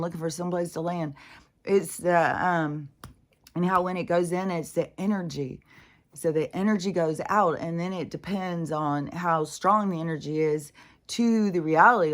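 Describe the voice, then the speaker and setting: Low-voiced woman rambling in a vlog. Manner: meandering, swears freely, many fillers and restarts. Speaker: vlogger. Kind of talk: rambling casual monologue. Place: home, sitting in her chair.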